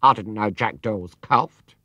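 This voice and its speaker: A man's voice: on the low side, measured pace, bright, forceful tone, no echo, highs cut off. A man voicing a stern, fussy middle-aged female housekeeper who exclaims a lot. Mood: alarmed.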